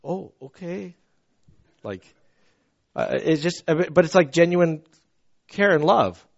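A middle-aged man from the American South preaching a sermon, animated and earnest, often restarting his sentences. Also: on the high side, a little slow, creaky. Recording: dull lo-fi sound.

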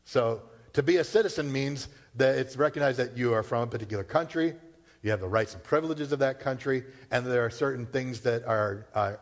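A man from Massachusetts, a pastor, preaching a sermon in a conversational way, with rhetorical questions and casual asides. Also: medium pitch. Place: church. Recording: long hall reverb.

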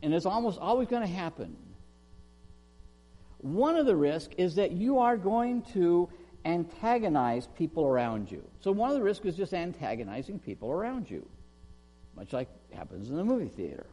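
A pastor delivers a sermon in a high, lively voice that jumps up and down as he poses questions to the congregation, speaking at normal speed. He acts out quoted shouts with real force, and a long reverb makes it sound like a big hall.

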